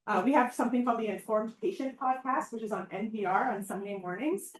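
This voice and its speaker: A woman giving an informal public talk as a professor, chatty and animated, often asking "right?" and acting out quoted voices. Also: a little high, fast. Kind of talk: informal lecture. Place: outdoor event or hall. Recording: echoey, mic far from speaker.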